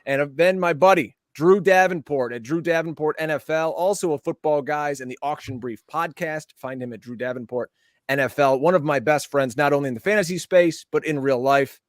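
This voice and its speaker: A man hosting a sports podcast with upbeat, chatty banter and quick promotional plugs over what sounds like a video call. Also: on the high side, dry recording, studio quality. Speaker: podcast host. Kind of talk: lively show hosting, casual banter.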